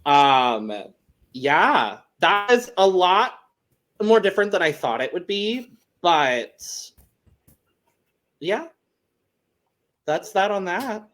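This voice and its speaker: A man's voice: sits high, big pitch swings, takes it slowly, long pauses, a bit bright. A man co-hosting a podcast in casual chat, laughing often and wrapping up the episode. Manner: chatty, laughs often, wraps up the show. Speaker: podcast co-host.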